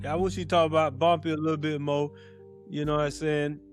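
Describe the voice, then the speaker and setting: A man's voice: on the high side, little pitch movement, a little fast. A man co-hosting a casual chat show, animatedly retelling movie scenes and repeating himself as he goes. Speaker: podcast co-host. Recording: faint guitar music behind.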